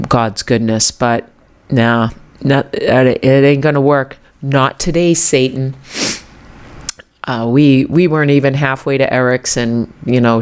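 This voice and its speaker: A woman in her fifties talks slowly and unhurriedly on her own podcast. She speaks heartfelt and halting, stumbling and restarting as she reflects on faith and encourages her listeners. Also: a bass voice, darkish tone. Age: 50s. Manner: religious encouragement. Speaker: podcast host. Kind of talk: reflective faith-centered monologue. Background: dog barking at times.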